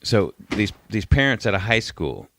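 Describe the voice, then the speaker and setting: A man's voice: on the low side, very animated, normal speed, creaky, a bit bright, slight background noise. A man co-hosting a casual podcast, telling stories bluntly and cursing freely. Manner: profane, blunt storytelling. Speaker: podcast co-host. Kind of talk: casual chat.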